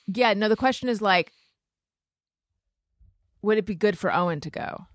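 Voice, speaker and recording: A woman's voice: medium pitch, moderate pace, no echo. A woman hosting a podcast in casual chat with a dry, teasing manner. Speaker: podcast host.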